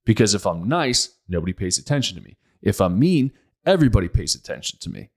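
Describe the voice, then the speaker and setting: Blunt, emphatic low-voiced man. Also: sing-song, fast talker. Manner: emphatic and blunt, repeats points. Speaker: podcast host. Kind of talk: casual podcast monologue.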